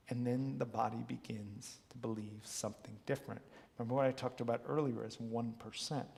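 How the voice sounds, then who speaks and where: A man coaching a wellness workshop, telling stories with earnest, animated energy. His voice has a gravelly creak, and his words trail off into the long reverb of a large hall. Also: mid-range voice. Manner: earnest, animated storyteller who acts out quotes. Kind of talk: motivational storytelling talk. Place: large hall, live talk.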